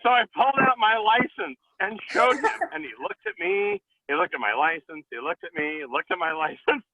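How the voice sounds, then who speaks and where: A man's voice: sits high, a little fast, noisy background. A man telling a story as a guest in a casual chat, playing out the quoted lines. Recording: tinny phone-like line.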